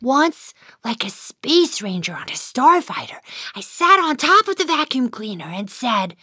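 A woman's voice: on the high side, sing-song, unhurried, pushed and bright, slightly rough, dry recording, studio quality, full character voice. A woman voicing an unhappy little boy mouse who narrates his own storybook, grumbling and sighing about his dad. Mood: sulky. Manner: sulky, sighing, then giddy. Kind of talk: first-person storybook narration.

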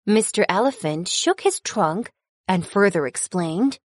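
A woman narrating a children's storybook in an expressive, storytelling manner. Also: medium pitch, measured pace, no room sound, clean studio sound. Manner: expressive, storytelling with sound effects.

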